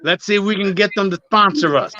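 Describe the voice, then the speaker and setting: A man co-hosting a casual sports podcast with quick jokey reactions. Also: sits high, bright, forceful tone, no echo, highs cut off. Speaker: podcast co-host.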